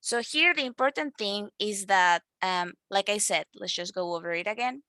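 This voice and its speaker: Woman teacher, bright dry voice, lots of "like" and "um" as she explains. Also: mid-range voice, moderate pace, dry recording. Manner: explanatory, many fillers and self-corrections. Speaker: English teacher. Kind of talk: online grammar lesson.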